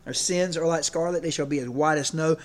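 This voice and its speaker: Guy preaching, kinda high voice, rambly and folksy, keeps asking "right?". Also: brisk. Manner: folksy, rambling, checks in with listeners. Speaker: preacher and coach. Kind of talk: casual sermon.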